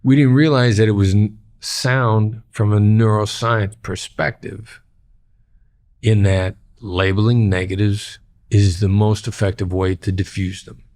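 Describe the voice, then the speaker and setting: Gravelly middle-aged guy on a podcast, low voice, blunt and repeats himself to make a point. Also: fairly even intonation, unhurried, darkish tone. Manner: plain-spoken, repeats key phrases for emphasis. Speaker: guest, former hostage negotiator. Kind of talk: podcast interview.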